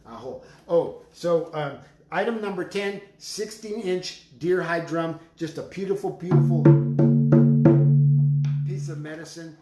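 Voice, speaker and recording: Speaking slowly in a fairly high voice, a male drum maker presents his work on a live stream, mixing sales with spiritual talk through prayerful, emphatic declarations and chanted words. He's in a studio packed with drums and rattles, and the recording sounds roomy with a faint background noise.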